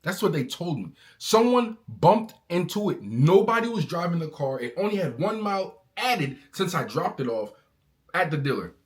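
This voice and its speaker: Man, casual vlog rant, angry, slangy, lively swooping voice. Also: fairly high pitch, moderate pace. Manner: animated, slangy, calls listener bro. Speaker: car owner vlogger.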